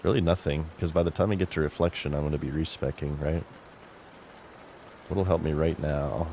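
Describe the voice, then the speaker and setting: Here a man with a creaky bass voice talks through his gameplay at a moderate pace, a faint hiss or hum on the recording. Easygoing and talkative, he chats casually and mutters to himself while playing on stream.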